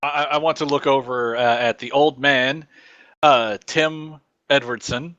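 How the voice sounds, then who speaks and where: A man's voice: mid-range voice, fairly even intonation, measured pace, bright, forceful tone, no room sound, highs cut off. A man playing in a tabletop game, speaking hesitantly with many fillers. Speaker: player. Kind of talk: tabletop role-play chat.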